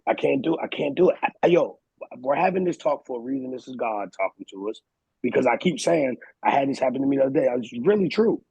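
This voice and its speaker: Gravelly husky guy chatting on a podcast, slangy and animated, dry close sound. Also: mid-range voice, fast, no room sound, lo-fi sound. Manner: animated, slangy, storytelling with quoted voices. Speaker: podcast host. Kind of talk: casual chat.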